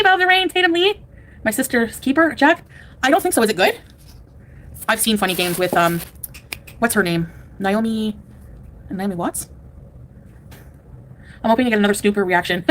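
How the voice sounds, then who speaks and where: A woman hosting a casual livestream, chatting and reading out donations with excitable, squealing thanks. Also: a little high, moderate pace, long pauses, slight background noise. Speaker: livestream host.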